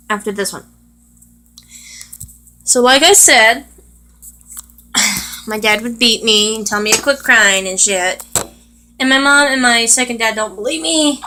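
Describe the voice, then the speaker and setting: A woman's voice: a little high, a bit bright, rough recording. A young woman venting in rambling, frustrated casual chat while she plays a video game. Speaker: vlogger.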